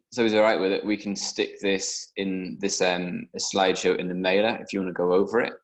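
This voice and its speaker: A man hosting a video call, chatting loosely with lots of fillers and easy laughs. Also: low-pitched. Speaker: host. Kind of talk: casual video call chat.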